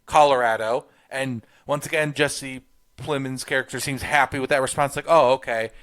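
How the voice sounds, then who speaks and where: A man's voice: medium pitch, steady tone, normal speed, fairly bright tone. A man co-hosting a podcast, walking through a movie scene step by step and quoting the characters. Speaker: podcast co-host. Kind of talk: casual film review chat.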